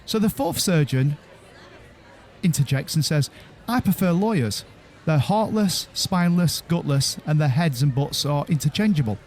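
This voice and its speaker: A man co-hosting a podcast in casual chat, telling jokes with halting restarts. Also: fairly high pitch, lively intonation, darkish tone, a faint crowd. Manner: halting, stammering restarts, chuckling joke teller. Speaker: podcast co-host.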